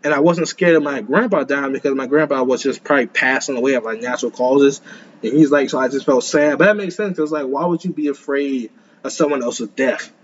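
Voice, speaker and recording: A man's voice: medium pitch, brisk, slight background noise. A young man giving casual reaction commentary, rambling with slangy talk and stammering restarts. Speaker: anime reaction host. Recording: dull lo-fi sound with faint room ambience.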